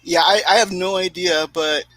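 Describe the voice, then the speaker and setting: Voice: medium pitch, fairly even intonation, moderate pace, fairly bright tone, no echo, poor audio. A co-host chatting casually about a comic, often stumbling and repeating words. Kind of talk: casual chat.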